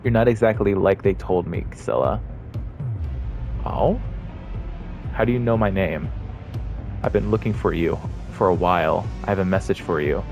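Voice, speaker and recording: A man voicing a small, calm, evasive male android in a game. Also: low-pitched, moderate pace, long pauses, faint music behind.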